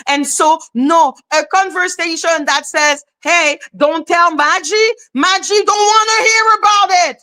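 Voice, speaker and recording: A woman hosting a commentary channel, ranting bluntly in a heated, profane, animated casual style. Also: very high voice. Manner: blunt, profane, animated, rapid repeated questions.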